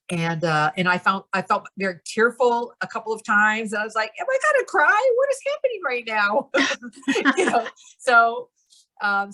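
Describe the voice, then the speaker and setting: A woman's voice: fairly low pitch, a bit bright. A woman in a channeling practice group, talking casually and explaining things step by step, with lots of fillers and frequent laughs. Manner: chatty, lots of "like" and "you know", laughs often.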